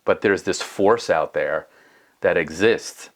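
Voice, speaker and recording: Man in his fifties, very low voice, earnest, thinks aloud with restarts. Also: takes it slowly, gravelly. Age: 50s. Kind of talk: casual conversation.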